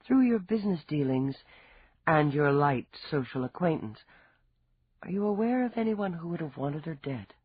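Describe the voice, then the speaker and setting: A man's voice: on the high side, animated, moderate pace, husky, no echo, voice pushed up. A man voicing a blunt, tired woman police lieutenant who speaks in clipped, curt replies, in a dull recording.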